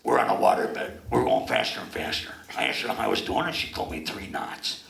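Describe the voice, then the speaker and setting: A man doing the voice of a crude, wisecracking male ventriloquist puppet in a stand-up comedy act, heckling with bawdy punchlines in a gravelly voice. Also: deep voice, big pitch swings, a little fast, a crowd in the background, pitched below the performer's own voice, exaggerated voice. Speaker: ventriloquist's dummy. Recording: echoey club from far off.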